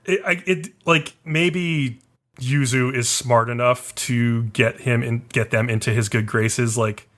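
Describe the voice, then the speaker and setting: A man's voice: mid-range voice, steady tone, measured pace, a bit bright. A man co-hosting a podcast, casually recapping an anime episode and leaning on lots of filler words. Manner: rambling, heavy on "like" fillers. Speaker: podcast co-host.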